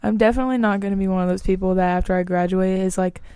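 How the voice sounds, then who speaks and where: A woman's voice: medium pitch, steady tone, rapid-fire, mellow, clear, resonant tone, dry recording. A young woman, a podcast guest, talking in a chatty, giggly way and often saying "like" and "bro". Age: young adult. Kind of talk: casual chat.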